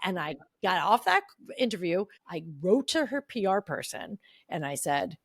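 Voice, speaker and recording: A woman in her fifties, a podcast guest chatting casually and telling stories in an animated way, acting out the voices of the people she quotes. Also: lowish voice, normal speed, few pauses, no echo, studio quality. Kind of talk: casual chat.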